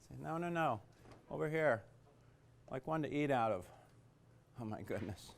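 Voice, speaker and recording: A man's voice: mid-range voice, expressive, moderate pace, gravelly, pauses often. A man teaching a cooking class in a kitchen, chatty and joking, with lots of fillers. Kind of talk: casual cooking demonstration.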